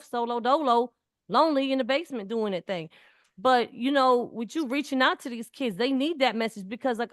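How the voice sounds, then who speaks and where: Woman in her 40s, earnest and emphatic, a bit high pitched, dry close sound. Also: dry recording. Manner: earnest, emphatic, repeats words. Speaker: community speaker. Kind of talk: casual heartfelt conversation.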